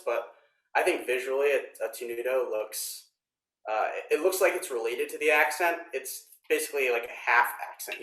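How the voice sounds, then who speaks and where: A man teaching snare drum technique in a workshop, explaining step by step in a relaxed way with frequent ums. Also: mid-range voice, far from the mic. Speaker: drum instructor. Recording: roomy echo.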